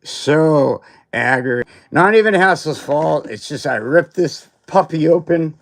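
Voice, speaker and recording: A man's voice: on the high side, lively intonation, measured pace. A man hosting a casual livestream, rambling and grumbling with mild cursing. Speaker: livestream host.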